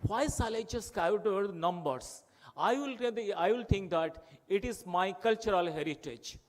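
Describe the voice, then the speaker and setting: A man's voice: high-pitched, moderate pace. A man from Odisha with an Odia-accented Indian English, giving an impassioned, rhetorical conference speech full of repetition. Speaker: conference speaker.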